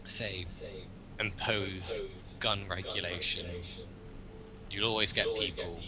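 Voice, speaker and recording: Rambling young man, loud crowd behind. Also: deep voice, fairly even intonation, takes it slowly, rough recording. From Britain. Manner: rambling, opinionated, thinks aloud. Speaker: host. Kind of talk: casual political chat.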